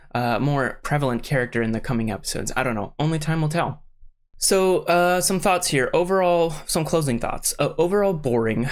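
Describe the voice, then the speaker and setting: Rambling young man ranting to camera. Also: mid-range voice. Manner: rambling with many fillers and restarts, gets worked up. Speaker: vlogger, show reviewer. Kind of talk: casual rant to camera.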